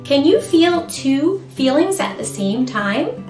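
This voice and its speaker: Woman children's librarian, high lively sing-song voice, unhurried, roomy room with guitar music. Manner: animated, sing-song, exaggerated expressions. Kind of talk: singing and talking to toddlers.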